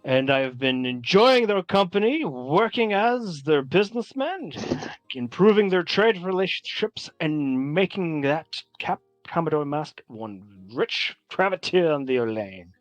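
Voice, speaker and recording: A man's voice: on the high side, big pitch swings, measured pace, no echo. A man voicing a tired middle-aged uncle who speaks wearily and earnestly. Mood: weary. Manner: weary and earnest.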